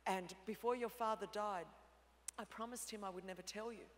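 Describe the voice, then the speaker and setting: An Australian woman preaching a sermon, telling a personal story with humor and swinging between hushed tones and shouting. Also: medium pitch, steady tone, a little fast. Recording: reverberant hall.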